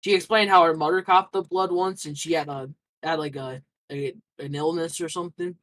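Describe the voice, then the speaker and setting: A man's voice: a little high, steady tone, brisk, a bit bright, poor audio. A young man answering interview questions casually, rambling through a story with lots of fillers and restarts.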